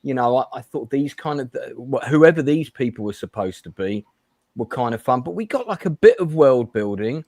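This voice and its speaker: A man hosting a casual chat show, blunt and animated, with plenty of ums and restarts. His voice sits at an ordinary middle pitch and is recorded close and dry, with no room sound. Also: moderate pace, dry recording. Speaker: host.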